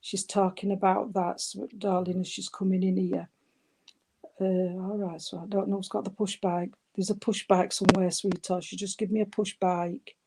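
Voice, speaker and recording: A woman, working as a spiritualist medium and giving a spirit reading at a service. She talks gently and soothingly, calling the listener sweetheart and darling, and often stops and restarts her sentences. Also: medium pitch, little pitch movement, moderate pace, a little hiss or hum. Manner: hesitant, with frequent restarts.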